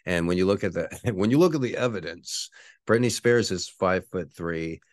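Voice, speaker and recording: A man's voice: low voice, lively intonation, moderate pace, dry recording, studio quality. A man in his forties hosting a podcast, rambling through a casual, profane monologue full of fillers and self-corrections. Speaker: podcast host.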